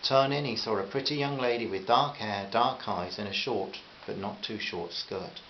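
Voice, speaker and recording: A man reading a short story aloud in a measured, gentle way. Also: lowish voice. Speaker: story reader. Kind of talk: scripted narration. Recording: slightly dull with faint hiss.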